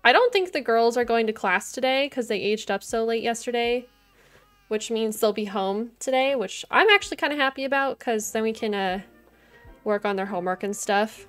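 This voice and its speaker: A woman's voice: a little high, expressive, normal speed, smooth. A young woman streaming a life-sim game, chatting casually with her viewers and her game characters, giggling often. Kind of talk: casual gameplay chat. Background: soft game music.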